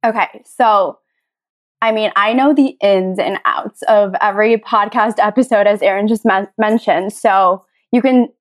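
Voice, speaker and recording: A woman's voice: mid-range voice, measured pace, no room sound. A woman who manages a podcast, guesting on it in friendly casual chat and laughing easily.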